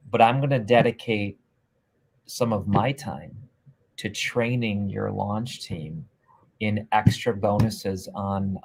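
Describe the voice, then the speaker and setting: Male host, low voice, energetic salesy pitch, repeats himself. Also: vocal fry, breathy edge. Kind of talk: live stream interview.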